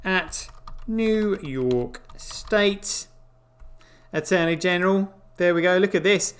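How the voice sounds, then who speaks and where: A man's voice: high-pitched, takes it slowly. A man hosting a crypto show, giving casual, incredulous running commentary on what he sees on screen, with frequent exclamations. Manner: exclaiming, incredulous, swearing asides.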